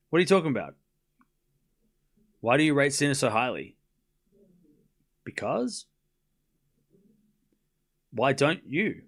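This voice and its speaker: A man's voice: medium pitch, sing-song, slow pace, long pauses. A man hosting a live tennis watchalong stream, chatting casually and sarcastically teasing viewers, rambling with restarts.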